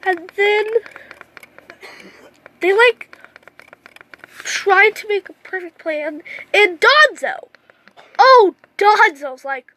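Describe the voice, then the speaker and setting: Very high-voiced woman rambling through a story. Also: expressive, very slow, long pauses, bright, forceful tone. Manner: rambling, repetitive, says "like" often. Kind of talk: casual improvised fan story retelling.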